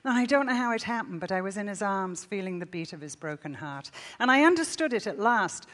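A woman's voice: mid-range voice, a little fast, hardly any pauses. Woman preaching a sermon in a big, reverberant hall. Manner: expressive reading, rising loud then dropping to a hush. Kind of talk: sermon with a read-aloud story. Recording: long reverb in a large hall.

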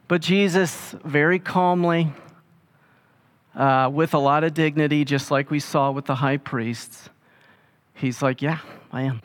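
A man preaching a sermon in a relaxed, conversational way, retelling scripture in everyday speech. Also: fairly high pitch. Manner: casual storytelling, paraphrasing scripture in everyday speech. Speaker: pastor.

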